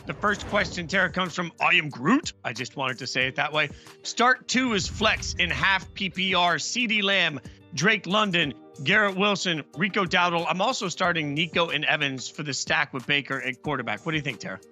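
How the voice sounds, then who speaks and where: A man's voice: fairly high pitch, normal speed, bright, forceful tone, soft background music. A man hosting a fantasy football show in a playful, joking way. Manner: jokey, playful. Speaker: host.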